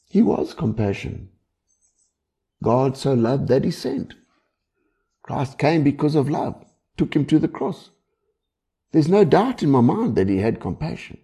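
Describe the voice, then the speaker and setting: A man's voice: mid-range voice, creaky, dark tone, breathy edge. A man preaching a sermon in a conversational way, often asking the listeners questions. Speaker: pastor.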